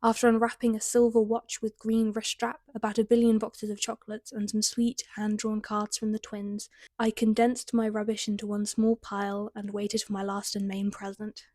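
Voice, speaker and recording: A woman's voice: mid-range voice, completely flat delivery, normal speed, a little mellow, no echo. Wry young British woman reading aloud. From Britain. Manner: wry, self-mocking, laughing asides. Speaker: author reading her teen writing. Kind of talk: reading aloud with comic commentary.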